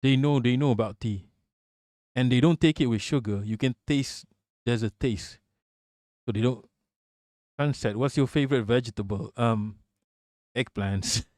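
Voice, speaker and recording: A man from Malaysia hosts a casual livestream in an animated, profane manner. His voice sits at a middle pitch. The sound is dry and close, with no room echo. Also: moderate pace, long pauses. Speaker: livestream host.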